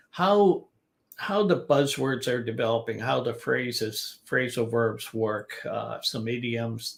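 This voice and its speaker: Guy teaching business english live, chill and chatty, bit of gravel in his voice. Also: medium pitch. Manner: relaxed, conversational, advice-giving. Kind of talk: live-streamed lesson.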